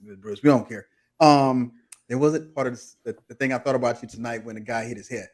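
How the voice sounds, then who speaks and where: A man's voice: medium pitch, steady tone, fast, a little mellow. A man hosting a podcast recap, playful and drawling. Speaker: podcast host. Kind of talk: casual recap chat.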